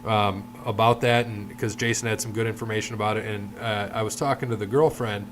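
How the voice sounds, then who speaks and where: A man's voice: lowish voice, steady tone, brisk, a little hiss or hum. A man co-hosting a casual podcast, telling long rambling stories and acting out the people in them. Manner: rambling storyteller, retells anecdotes with quoted voices. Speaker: podcast co-host. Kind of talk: casual chat.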